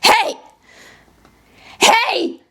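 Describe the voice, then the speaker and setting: A woman's voice: drawn-out words, bright, forceful tone. A woman voicing a pushy, hungry female house cat that begs and demands food. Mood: demanding. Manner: demanding, wheedling.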